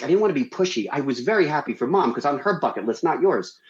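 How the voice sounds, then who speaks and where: Animated man telling a story, echoey. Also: fast, muffled recording. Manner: animated, acts out quotes with big pitch jumps. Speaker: radio guest telling a story. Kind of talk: casual storytelling.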